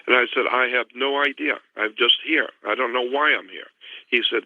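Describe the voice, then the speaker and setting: A man's voice: medium pitch, normal speed, no echo. A man earnestly telling a long personal story as a radio guest, rambling through his memories. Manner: earnest, rambling retelling of a past encounter. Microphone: telephone. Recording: tinny phone line, dry.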